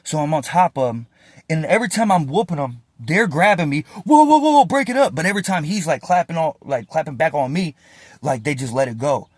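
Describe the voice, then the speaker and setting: A man telling a casual, animated story about his past in slangy, profane talk. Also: on the high side, a little fast, breathy edge, dry recording, clean studio sound.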